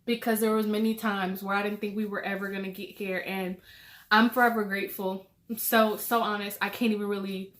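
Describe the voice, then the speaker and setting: A young woman vlogging about her pregnancy, crying as she talks, halting and repeating herself with many fillers. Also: mid-range voice, little pitch movement, a bit bright. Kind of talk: emotional personal vlog.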